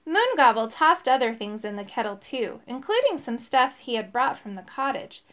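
A woman reads a children's fantasy story aloud in the first person, her voice high and bouncing through a wide pitch range. Her storybook delivery is lively and expressive throughout. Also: moderate pace. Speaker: audiobook narrator. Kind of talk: storybook narration.

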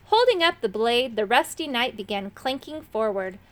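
Woman reading a kids chapter book out loud, pitch all over the place, kinda high. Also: normal speed. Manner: expressive, dramatic reading. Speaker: narrator.

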